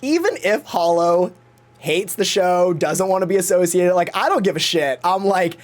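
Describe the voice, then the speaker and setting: A man's voice: high-pitched, moderate pace. A man chatting casually on his livestream, gossiping and swearing freely and acting out other people's lines in exaggerated voices. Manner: gossipy, profane, acts out quotes in exaggerated voices. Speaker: Twitch streamer.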